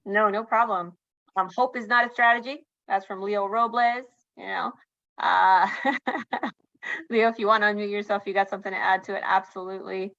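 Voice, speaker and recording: A woman hosting a webinar on a video call, reading out chat comments in a quick, upbeat way. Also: medium pitch, fairly even intonation, gravelly, a bit bright, highs cut off. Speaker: webinar host.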